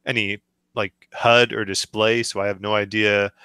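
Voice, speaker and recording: A man co-hosting a gaming podcast, giving measured, hesitant opinions in casual chat. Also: on the low side, little pitch movement, sharp tone, clean tone, no echo. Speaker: podcast co-host.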